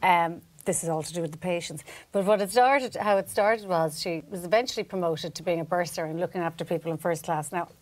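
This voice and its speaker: Woman telling a lively comic story. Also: on the low side, fairly quick, few pauses. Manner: animated storyteller, acts out voices and laughs often. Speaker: panel guest. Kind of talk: comic anecdote on a live podcast.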